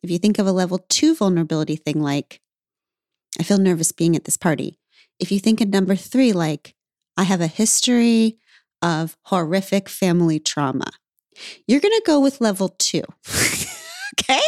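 A woman's voice: fairly low pitch, expressive, moderate pace, darkish tone, dry recording. Woman host, close dry sound, earnest and emphatic sign-off. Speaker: podcast host. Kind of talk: casual podcast interview.

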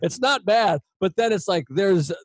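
A man who hosts a comedy podcast, telling relaxed, self-mocking stories from his early years in stand-up. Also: high voice, unhurried, dry recording. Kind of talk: casual conversation, storytelling.

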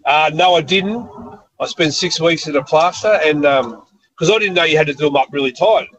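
A man calls in to radio and makes fun of his own mishap. His voice sits slightly high. The phone line sounds dull and muffled. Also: moderate pace, fairly bright tone. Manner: self-mocking, laughing at himself. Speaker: caller.

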